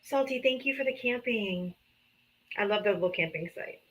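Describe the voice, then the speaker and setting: A woman, a mother, hosting a live political talk stream in casual, animated chat, swearing freely. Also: mid-range voice, moderate pace, a little hiss or hum, poor audio. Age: adult mother. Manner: animated, swears freely, slips into comic voices.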